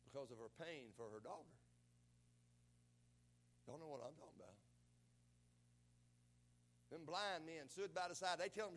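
A man with a rural Southern American accent preaching a sermon as pastor, folksy and emphatic, rising to shouted peaks. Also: a little high, moderate pace, pauses often.

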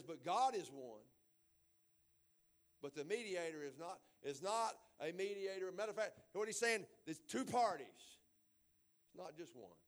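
A man, a pastor preaching a folksy Bible sermon and building to loud emphasis. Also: a little high.

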